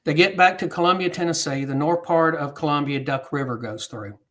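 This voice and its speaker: A man tells a history story to an audience in an unhurried, storytelling way. He acts out the quoted dialogue along the way. His voice sits a little higher than most men's. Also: fairly bright tone. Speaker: guest speaker on history.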